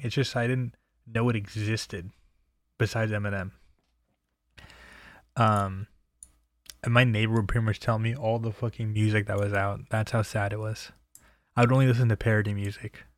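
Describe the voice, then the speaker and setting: Young man, slightly low voice, casual profane storyteller, dry close recording. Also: no room sound. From New Jersey, USA. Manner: loose, profane and chatty, laughing at his own stories.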